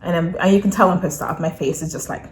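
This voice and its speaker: A woman in her thirties co-hosting a casual couple Q&A, blunt and quick to laugh. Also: lowish voice. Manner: lively, blunt, laughs often. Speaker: co-host of couple channel. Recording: echoey room with faint hum.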